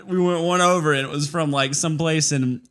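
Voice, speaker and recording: A man co-hosting a podcast, with a slightly high voice and a loose, joking delivery. He tells rambling stories in crude casual chat. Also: steady tone, a little fast, fairly bright tone, smooth. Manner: joking, crude, laughing often. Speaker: podcast co-host.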